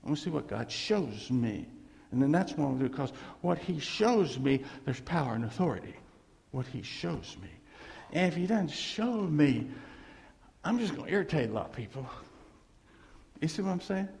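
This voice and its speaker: A man's voice: fairly high pitch, animated, moderate pace, vocal fry, pauses often, darkish tone, long reverb tail. A man preaching a sermon, telling stories and drawing in the congregation with repeated questions and amens. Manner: storytelling with call-and-response asides. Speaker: pastor.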